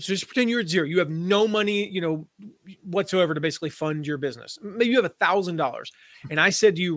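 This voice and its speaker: Man, podcast guest, slightly high voice, dry close recording, chatty storyteller, playful asides. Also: lively intonation, fast talker, fairly bright tone, no room sound. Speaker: guest, affiliate marketing expert. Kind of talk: conversational podcast interview.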